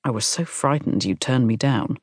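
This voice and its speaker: A woman's voice: a bass voice, normal speed, dry recording, clean studio sound. A woman voicing a nervous, tender man in his forties who talks earnestly and apologetically.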